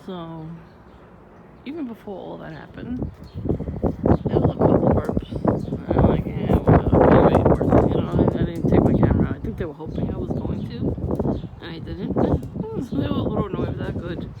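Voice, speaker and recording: A woman's voice: on the low side, expressive, a little fast. A woman vlogger telling stories in a blunt, irritated, profane casual rant. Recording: muffled lo-fi with loud background noise.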